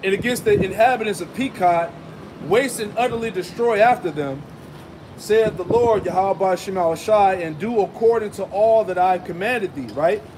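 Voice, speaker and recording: Emphatic male street preacher, high pitch, outdoor traffic noise behind him. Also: moderate pace, a little mellow. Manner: emphatic, asks rhetorical "right?" and "man" often. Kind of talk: street sermon with scripture reading.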